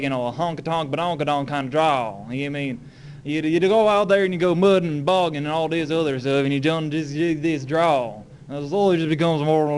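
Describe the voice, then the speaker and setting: Teen boy, joking, mock accents, slightly high voice, light background noise. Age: teens. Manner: playful, slipping into mock accents. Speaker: student presenter. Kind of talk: comic explanation of regional accents.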